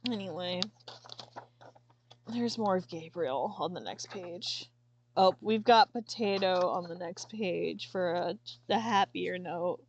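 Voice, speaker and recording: A woman streamer chatting casually and haltingly, sometimes tearful and apologizing. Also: lowish voice, lo-fi sound. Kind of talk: casual chat while showing a sketchbook.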